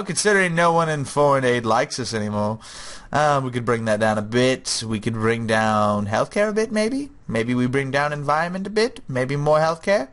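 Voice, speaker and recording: A man's voice: mid-range voice, fairly bright tone. A young man giving casual, rambling gameplay commentary, chatty and jokey.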